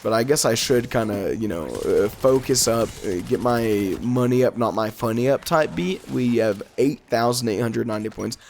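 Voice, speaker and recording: A man's voice: mid-range voice, moderate pace, vocal fry, few pauses, a little hiss or hum. A man with a cold and a stuffy, nasal voice, giving rambling gameplay commentary and getting sidetracked. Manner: rambling, easily sidetracked, laughs often, voice jumps up in excitement. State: congested from a cold. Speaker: gaming YouTuber.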